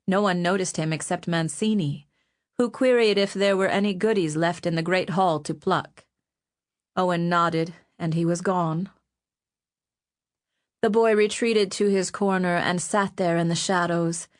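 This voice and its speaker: A woman reading an audiobook in a measured, steady storytelling manner. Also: on the low side. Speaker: audiobook narrator. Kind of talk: scripted audiobook narration.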